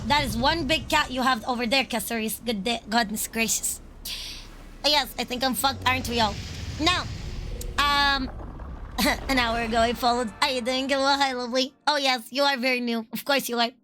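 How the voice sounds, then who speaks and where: A woman streamer chatting casually over gameplay, excitable and profane, laughing often. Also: sits high, normal speed, a little hiss or hum. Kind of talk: casual gaming stream chat.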